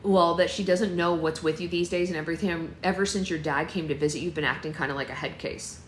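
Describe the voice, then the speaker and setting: A woman's voice: fairly low pitch, fairly even intonation, fast, roomy sound, slight background noise, close to an everyday voice. Woman reading as a wry teenage boy. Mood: teasing.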